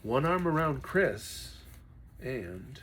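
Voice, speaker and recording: A man's voice: medium pitch, extremely slow, slight background noise. A man reading a children's novel aloud expressively, now and then talking to his listeners. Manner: expressive, stops to chat with listeners. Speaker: reader.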